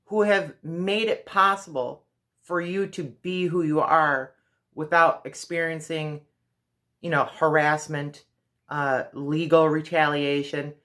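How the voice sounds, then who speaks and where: A woman's voice: low voice, fairly bright tone. A woman vlogger giving earnest, direct advice in a casual monologue.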